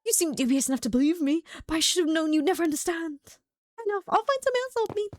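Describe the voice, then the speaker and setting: A woman voicing a frightened young man who begs for protection, pleading in a high, boyish voice. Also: animated, racing, no room sound, clean studio sound. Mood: frantic. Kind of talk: reading game dialogue aloud.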